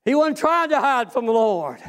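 Very high-voiced shouting man preacher. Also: sing-song. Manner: shouts and drawn-out exclamations; folksy plain speech. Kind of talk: fervent sermon.

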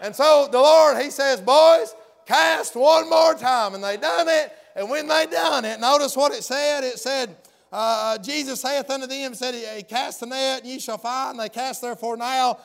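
A man's voice: very high voice, moderate pace, gravelly, a bit bright. A man preaching a folksy sermon, often hollering and acting out the story's characters.

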